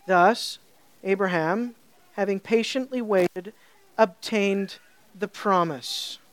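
A woman preaching a sermon. She asks her listeners questions and repeats points for emphasis. She builds to loud, high peaks and drops to a soft, low voice for scripture. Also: dry recording. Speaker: pastor.

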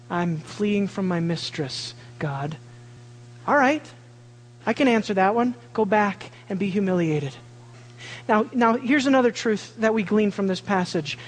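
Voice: medium pitch, big-room sound, poor audio. A preacher giving a sermon, telling a family story and acting out the voices of the people in it.

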